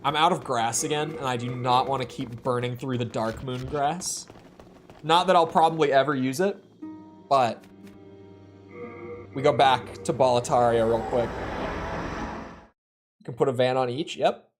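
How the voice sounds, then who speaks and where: A man's voice: mid-range voice, moderate pace, pauses often, faint music behind. A man giving rambling live gameplay commentary, chatting to viewers and correcting himself as he goes. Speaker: streamer.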